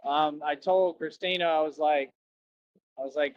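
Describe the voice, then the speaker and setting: A man's voice: a little high, steady tone, normal speed, no room sound, lo-fi sound. A man livestreaming outdoors near a road, rambling and repeating himself as he chats to viewers. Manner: rambling and repetitive, keeps saying "that's right". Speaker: livestreamer asking viewers for donations. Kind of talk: casual rambling livestream chat.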